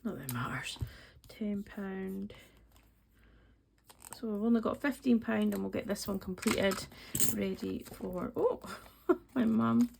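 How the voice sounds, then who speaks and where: Scottish lady in her 40s rambling about her budget, bit gravelly, faint hiss behind. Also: mid-range voice, slow, darkish tone, rough recording. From Scottish Highlands. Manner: rambling, many ums, counting money aloud. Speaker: budgeting vlogger. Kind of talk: casual chatty voice-over while cash stuffing.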